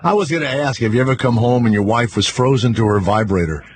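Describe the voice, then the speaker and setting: A man hosts a talk radio show, trading crude jokes and rambling stories with callers. His voice sits at an ordinary middle pitch. A faint hiss runs under the studio mic. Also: quick pace.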